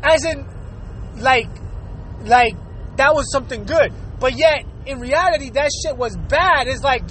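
A man from Puerto Rico rants in a casual, profane monologue, fast and loose, laughing between lines. His voice sits unusually high for a man. Faint traffic hums behind him. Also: a bit bright, poor audio. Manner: fast-talking, swearing, laughing often.

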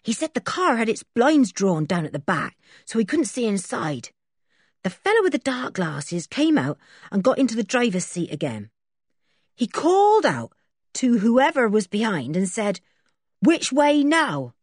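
A woman voicing an eager, cheerful teenage garage boy who chatters excitedly in a storybook reading. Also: a little high, unhurried, slightly rough, no echo, studio quality, voice pushed up, exaggerated voice.

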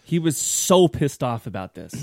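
A man's voice: medium pitch, sing-song, unhurried, gravelly, darkish tone, dry recording, clean studio sound. A man co-hosting a podcast, telling stories animatedly and swearing a lot in casual chat. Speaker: podcast co-host.

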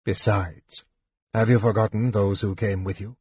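A man voicing a frail, cold male wizard who speaks in a grim, hushed whisper in an audiobook reading. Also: lowish voice, fairly even intonation, normal speed, breathy edge, muffled recording.

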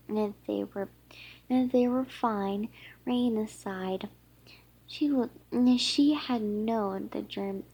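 A woman's voice: on the high side, darkish tone, slightly rough, low-quality recording. A woman reading a children's book aloud, stumbling and restarting often. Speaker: reader.

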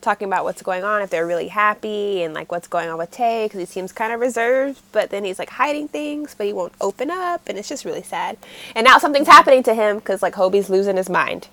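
A woman co-hosting a casual chat show, recapping a comic with lively acted-out lines. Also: medium pitch, brisk. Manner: animated, acts out characters' lines. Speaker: podcast co-host.

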